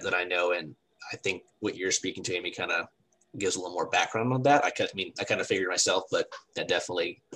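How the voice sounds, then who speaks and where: A man with a very low voice, talking quickly in a casual panel discussion. He speaks loosely and conversationally, full of fillers. Faint noise hums behind him. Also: a bit bright, rough recording. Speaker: panel guest.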